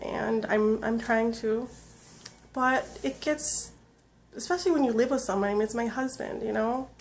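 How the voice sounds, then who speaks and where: A woman in her thirties, tearful, talking earnestly and haltingly in a personal video diary full of fillers. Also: on the high side. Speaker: vlogger.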